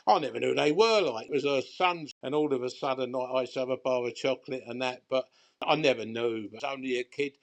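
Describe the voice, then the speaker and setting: Animated older London man telling stories. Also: medium pitch, fast talker. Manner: rambling, animated, colloquial. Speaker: guest bookmaker. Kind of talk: casual storytelling chat.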